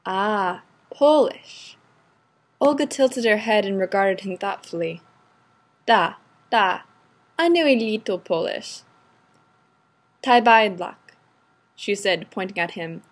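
A woman's voice: mid-range voice, expressive, slow, long pauses. Imperious Russian woman, accented broken English, mocking and pushy; done by a woman narrator. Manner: bossy, broken English, taunting.

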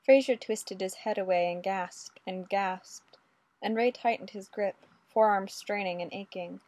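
Brief: female audiobook narrator, steady and measured, mid pitch, dry close mic. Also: no echo. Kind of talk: audiobook reading of adult fiction.

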